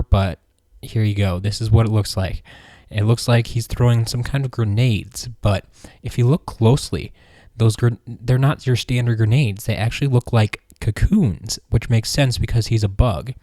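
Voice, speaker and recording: A man hosting a casual fan news roundup, relaxed and rambling with plenty of ums and restarts. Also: medium pitch, moderate pace, no echo, studio quality. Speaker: host of a fan news show.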